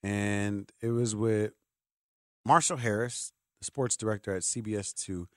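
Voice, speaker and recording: A man hosting a sports talk radio show, animated and joking, often jumping in over the others. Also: fairly low pitch, unhurried, no echo, clean studio sound.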